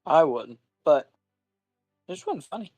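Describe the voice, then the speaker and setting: Male tabletop player, slightly high voice, dry close sound, hesitant jokey delivery, faint music. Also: big pitch swings, unhurried, a little mellow, dry recording. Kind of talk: playing a tabletop game.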